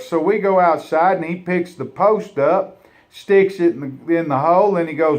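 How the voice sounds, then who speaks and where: A man telling a funny folksy story, rambling with halting restarts. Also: a little high, steady tone.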